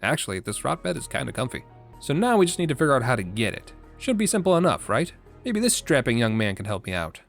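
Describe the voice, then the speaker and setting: A man's voice: mid-range voice, very animated, quick pace, gravelly, soft background music. A young man narrating a gameplay video with sarcastic, playful jokes. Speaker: gaming video host. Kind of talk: scripted comedic gameplay narration.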